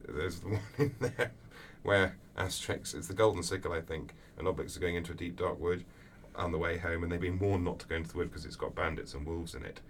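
Very deep-voiced man, distant mic. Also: quick pace, few pauses. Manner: animated storyteller, acts out voices in anecdotes. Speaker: author guest. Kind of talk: interview answers. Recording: distant mic with faint background noise.

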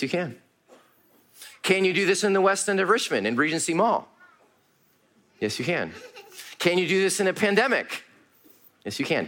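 A man's voice: mid-range voice, a bit bright. A man preaching a sermon to a congregation, earnest and repetitive in his cadence. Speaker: pastor.

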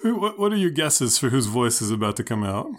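A male podcast co-host chats casually from his garage, joking and rambling through restarts. His throat is a bit sore from wine, and his pitch moves in a lively way. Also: a little fast. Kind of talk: casual chat.

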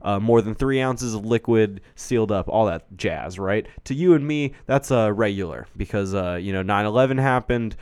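Young dude, low-ish voice, cussing and joking around, dead dry sound. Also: male voice, normal speed, hardly any pauses, a little mellow, clean tone, no room sound. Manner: loose, profane, jokey storytelling. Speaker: podcast co-host. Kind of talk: casual chat.

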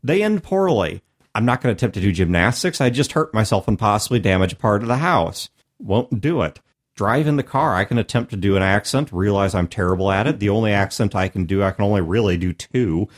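A man's voice: fairly low pitch, expressive, brisk. A man hosting a podcast in casual chat, talking emphatically and laughing often, from Missouri. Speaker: podcast host.

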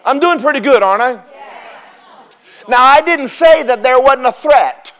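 Male preacher, high pitch, animated sermon delivery with call-and-response. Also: measured pace. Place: church service with congregation responding.

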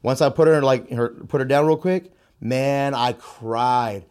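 A young adult man in a relaxed podcast conversation, speaking at an average pitch. He tells stories candidly and loosely, often repeating a phrase as he works through a thought. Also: unhurried, smooth. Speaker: martial arts instructor.

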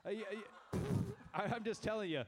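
A man in his thirties telling funny stories to a youth group, animated and self-mocking, with many stammered restarts. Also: high voice, fairly quick, noisy background. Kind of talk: lively storytelling talk to a youth group.

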